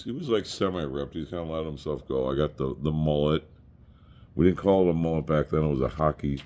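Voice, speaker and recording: A man's voice: very deep voice, warm tone. A middle-aged man casually rambling through family photos, crude and joking as he tells stories. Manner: crude, joking, profane storyteller. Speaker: vlogger showing family photos.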